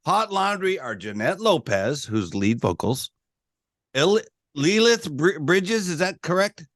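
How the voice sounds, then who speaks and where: A man's voice: a little high, big pitch swings, unhurried, a bit bright, no room sound, studio quality. A man hosting a casual radio interview, chatty and stumbling a little over guests' names. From United States. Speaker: radio show host.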